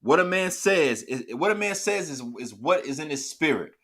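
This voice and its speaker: A man's voice: fairly high pitch, expressive, normal speed, vocal fry, fairly bright tone, a little hiss or hum. A man teaching a scripture class, often restarting his sentences and repeatedly asking if his listeners understand.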